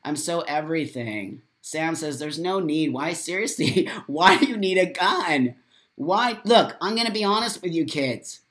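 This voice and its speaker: An American man hosts a live morning vlog, reading viewer comments aloud and ranting angrily with heavy swearing and repeated phrases. His voice is a little high, animated and a bit bright, at a measured pace.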